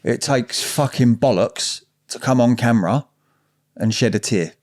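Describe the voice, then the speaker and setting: A man's voice: mid-range voice, measured pace, darkish tone. A man hosting a podcast, earnest and blunt, often repeating himself for emphasis. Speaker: podcast host. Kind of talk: casual podcast interview.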